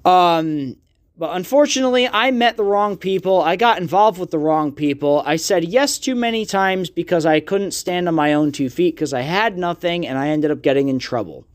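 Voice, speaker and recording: High-voiced man ranting on his podcast. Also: normal speed. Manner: ranting and profane, with frequent fillers. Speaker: podcast host. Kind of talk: casual podcast monologue.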